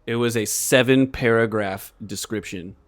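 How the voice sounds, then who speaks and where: A man's voice: mid-range voice, normal speed. A man in his late twenties hosting a casual podcast chat, laid-back and trailing off at times. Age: 20s. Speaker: podcast host.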